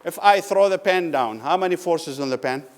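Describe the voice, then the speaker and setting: Man lecturing, slow questioning delivery. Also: on the high side, expressive. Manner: asks the class questions and answers them, repeats key words slowly. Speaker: physics lecturer. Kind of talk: classroom lecture. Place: lecture room.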